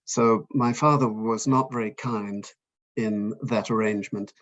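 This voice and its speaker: An older man from Fiji, an author talking in an interview, hesitant and self-deprecating with many pauses and restarts. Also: fairly low pitch, steady tone, lo-fi sound. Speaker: author guest. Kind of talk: conversational interview.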